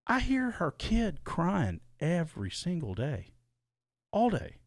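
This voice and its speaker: A man's voice: on the high side, huge pitch swings, slow pace, vocal fry, no echo. A man co-hosting a podcast in casual chat, rambling and restarting his words, recorded in a small soundproofed studio. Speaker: podcast co-host.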